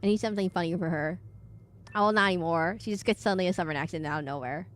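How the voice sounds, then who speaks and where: A woman's voice: on the low side, very fast. A woman streamer chatting and reading aloud while playing a horror game, rambling and questioning herself. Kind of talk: let's play commentary and reading aloud.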